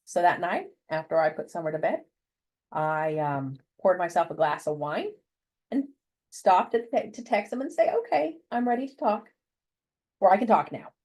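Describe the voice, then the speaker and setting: A woman from the United States, an interview guest telling a personal story in a lively way and acting out the voices of the people she quotes. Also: lowish voice, normal speed, poor audio. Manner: animated, acts out voices when quoting people.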